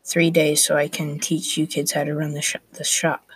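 Student reader voicing medieval merchant father, flat delivery, husky tone, dry sound. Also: mid-range voice, moderate pace, no echo, lightly acted, rough recording. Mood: instructing. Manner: plain reading with restarts. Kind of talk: reading a class story aloud.

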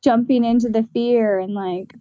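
Woman co-host, hesitant and reflective, higher voice, dull lo-fi audio. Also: fairly even intonation, moderate pace, mellow, dry recording. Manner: thoughtful, hesitant, many fillers. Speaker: podcast co-host. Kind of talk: candid casual chat.

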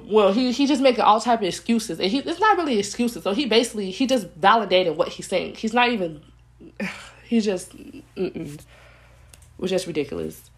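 A young woman in a casual vlog, ranting to her viewers bluntly and heatedly, repeating herself and filling her speech with "like" and "y'all". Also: medium pitch. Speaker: commentary vlogger.

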